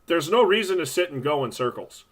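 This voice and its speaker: A man's voice: a little high, very animated, brisk, fairly bright tone. A man co-hosting a hockey referee talk show, giving direct, practical advice in a casual chat. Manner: direct, practical, matter-of-fact. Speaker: podcast co-host, hockey referee.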